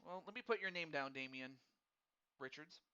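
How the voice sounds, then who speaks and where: A man's voice: a little high, lively intonation, normal speed, pushed and bright, clean tone. A man hosting a live wrestling game stream, chatting casually and friendly with viewers, often stammering and repeating words as he thinks aloud. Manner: friendly and addresses viewers directly. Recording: dull lo-fi recording.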